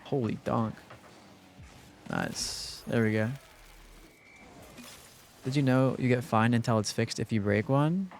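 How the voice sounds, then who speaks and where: A man's voice: medium pitch, takes it slowly, creaky, pauses often, slight background noise. A young man streaming live, chatting casually and rambling with lots of fillers while thanking viewers.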